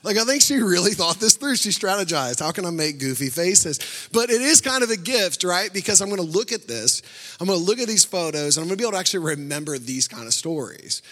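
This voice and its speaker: A man delivers a sermon in a fairly high, bright and forceful voice. He tells stories with animated energy and laughs often. His voice rings out with the long reverb of a large church hall. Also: fast talker. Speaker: pastor.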